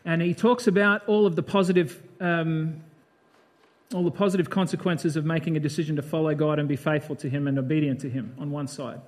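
A man's voice: on the high side, fairly even intonation, fairly quick. A man giving a conversational Bible sermon, breaking off from the reading to comment in a chatty, reflective way. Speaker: preacher.

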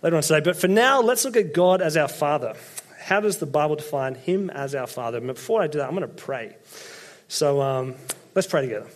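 A man's voice: fairly high pitch, animated, a little fast. A young Australian man giving a casual sermon, telling chatty, self-deprecating stories to a church congregation. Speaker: preacher.

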